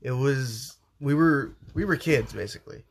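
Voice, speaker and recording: A young man talking with his mother and sister about growing up. He speaks calmly and reflectively and restarts his sentences as he searches for words. His voice is of average pitch. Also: normal speed, slightly rough. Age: young adult. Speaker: grown son. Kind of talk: casual family chat.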